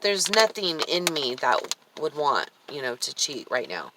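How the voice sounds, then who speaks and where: A woman's voice: low-pitched, big pitch swings, unhurried, heavy background noise. A woman vlogging in a chatty, emotional, rambling way, her throat dry and her voice cracking in and out. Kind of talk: casual personal vlog.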